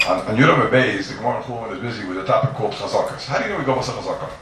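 A man teaching a Talmud lecture, arguing a point quickly and emphatically, repeating words and asking himself rhetorical questions. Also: on the low side, lively intonation. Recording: very echoey room, distant mic, faint background noise.

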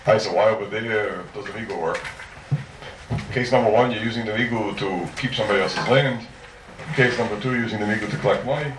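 A man teaching a Talmud class, working through cases with lively rhetorical questions. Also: fairly low pitch, fairly quick. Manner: lively, rhetorical questions, mixes Hebrew and Aramaic terms. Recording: roomy echo, mic far off, faint noise.

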